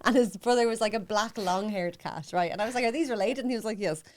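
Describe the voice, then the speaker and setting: An Irish woman co-hosting a comedy podcast, telling stories in quick casual chat, swearing and acting out the people she quotes. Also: mid-range voice, slight background noise. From Ireland. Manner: fast storytelling, swears, acts out quotes. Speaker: podcast co-host.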